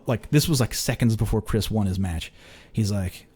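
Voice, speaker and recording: Husky and a little mellow at normal speed, this young man hosts a podcast and wanders through a story with lots of fillers, false starts, laughter and casual cursing. His pitch leaps and he laughs as he plays out quoted back-and-forths.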